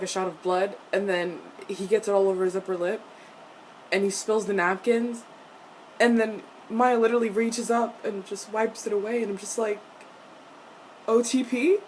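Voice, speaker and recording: A young woman reacting to a TV episode in a casual vlog, animated and profane, with frequent laughs. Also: mid-range voice, moderate pace, slight background noise. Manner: laughs often between lines.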